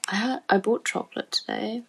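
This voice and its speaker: A woman's voice: medium pitch, a little fast, gravelly, fairly bright tone, a little hiss or hum, low-quality recording. A woman in casual rambling chat from home, giggly and full of fillers, often dropping to a near-whisper. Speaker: student podcaster.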